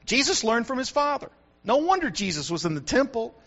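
Older pastor guy preaching, really high voice, kinda muffled lo-fi recording, keeps repeating himself for emphasis. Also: very animated, a little fast, fairly bright tone. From United States. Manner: preaching with repetition and rising emphasis. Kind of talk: sermon.

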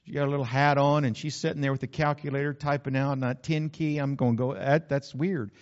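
A male pastor delivers a sermon in a medium-pitched voice, earnest and measured. He slows right down to press his points home. The recording sounds slightly dull and lo-fi. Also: level tone. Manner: earnest preaching, slowing down for emphasis.

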